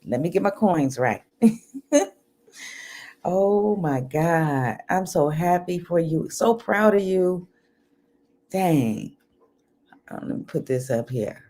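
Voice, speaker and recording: Slow, animated older woman livestreaming. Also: fairly low pitch. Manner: chatty, animated, laughs often; talks softly at times. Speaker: livestream host. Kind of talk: casual chat with viewers. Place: home, indoors. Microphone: computer microphone.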